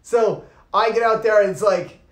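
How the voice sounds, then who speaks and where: A man, a yoga teacher, giving an informal talk and telling a lively story, swearing casually and acting out the people in it. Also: sits high, moderate pace. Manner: animated, swears casually, acts out voices. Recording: roomy echo.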